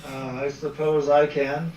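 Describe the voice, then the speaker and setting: A man's voice: fairly high pitch, little pitch movement, a little slow, a little mellow, a little hiss or hum. A man playing a tabletop game, chatting casually and hesitantly, recorded at a distance in an echoey room. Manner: hesitant, many restarts. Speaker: player.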